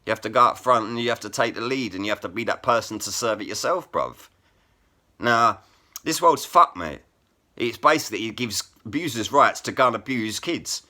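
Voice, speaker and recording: Brief: man, angry vlog rant, low voice, wildly swinging pitch, hard-edged and profane. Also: expressive, normal speed, bright, forceful tone. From England. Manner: blunt, heavily profane, repeats "bruv" and "innit". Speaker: vlogger and rap poet.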